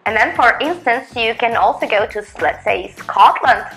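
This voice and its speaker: A woman hosts in a bubbly, giggly way, speaking English with Russian as her first language. Her voice sits fairly high. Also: animated, moderate pace, a bit bright, soft background music, low-quality recording. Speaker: host. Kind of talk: casual chat.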